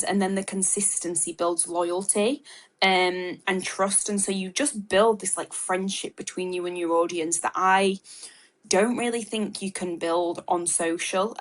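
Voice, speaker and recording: A woman with a fairly low voice gives advice as an interview guest on a webinar. She thinks out loud, leaning on "like" and "um" and restarting her sentences as she goes. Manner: thinks aloud with frequent fillers and restarts. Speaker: marketing expert guest. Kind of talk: casual interview answers. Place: video call webinar.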